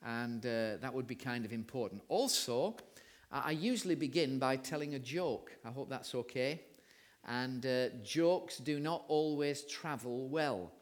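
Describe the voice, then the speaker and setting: A man's voice: medium pitch, unhurried. A man with an English accent giving a sermon, telling a story and reading scripture aloud. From England. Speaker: preacher.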